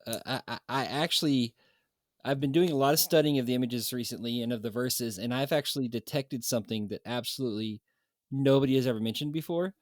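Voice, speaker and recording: A man's voice: medium pitch, fast, dry recording, studio quality. A man co-hosting a casual podcast, joking around and rambling with plenty of fillers. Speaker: podcast co-host.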